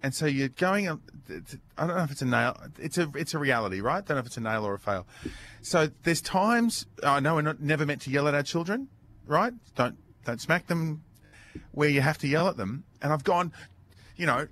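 A man's voice: fairly high pitch, brisk, a little hiss or hum. A middle-aged Australian man co-hosting a podcast, chatting casually and acting out his own stories. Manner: chatty, animated storytelling with acted-out shouts. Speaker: podcast co-host. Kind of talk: casual chat.

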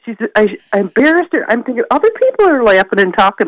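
A woman's voice: sits high, brisk, no room sound, rough recording. Chatty older mother calling in. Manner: chatty, self-deprecating, animated storytelling. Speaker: caller. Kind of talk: casual radio chat.

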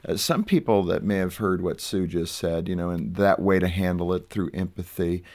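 A man's voice: low voice, normal speed, a little mellow. A man hosting a conversation, asking his guests questions and laughing along. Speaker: radio host. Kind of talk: interview conversation.

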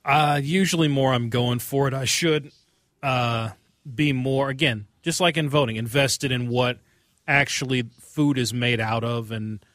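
A man's voice: medium pitch, measured pace, a bit bright, dry recording. Minnesota guy producing a radio show, dry studio sound, lots of uhs. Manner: hesitant, many fillers. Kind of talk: casual radio chat.

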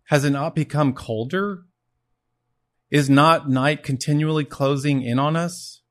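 A man's voice: a little high, measured pace, a bit bright, voice pushed up. A man voicing a frantic male madman preaching in a marketplace, reading the passage aloud with rising intensity. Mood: impassioned.

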